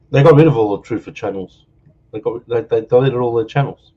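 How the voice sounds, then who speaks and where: A man's voice: medium pitch, moderate pace, warm tone. Joking Australian man on a muffled stream. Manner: joking, playful banter. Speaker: live stream guest. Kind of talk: casual group chat.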